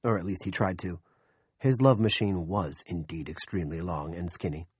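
A man with a low voice reads scripted audiobook narration in a wry, matter-of-fact manner. The recording is close and dry, with no room sound. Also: moderate pace, slightly rough, no room sound.

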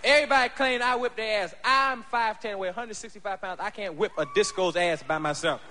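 High bright-voiced guy doing stand-up, animated and profane, live crowd faint behind. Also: a little fast, big-room sound, slight background noise. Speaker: stand-up comedian. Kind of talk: stand-up comedy.

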